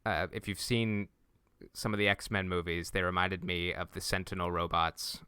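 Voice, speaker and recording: A man's voice: deep voice, level tone, pushed and bright, clean tone, no echo, studio quality. A man co-hosting a podcast, recapping scenes in casual chat and often restarting his sentences. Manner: recapping scenes at length with quick self-restarts. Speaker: podcast co-host.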